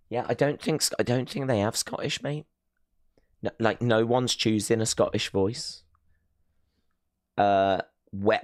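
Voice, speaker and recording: With a lowish voice captured in clean studio sound and no room tone, a man hosts a live watch-along stream. He chats casually and rambles a little as he reads viewer messages aloud, poking fun at himself and leaning on fillers.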